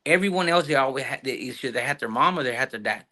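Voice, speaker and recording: A man in his thirties with a South Los Angeles accent, his voice bright and forward. He tells his stories in a loose, slangy, profane way. He acts out the people he quotes along the way. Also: medium pitch, animated, fast. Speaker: guest actor. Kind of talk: casual storytelling interview.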